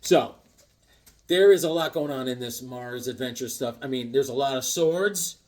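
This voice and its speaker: A man in a casual vlog, excitedly showing off his comic collection with rambling, self-deprecating asides. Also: mid-range voice, moderate pace. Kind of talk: casual show-and-tell vlog.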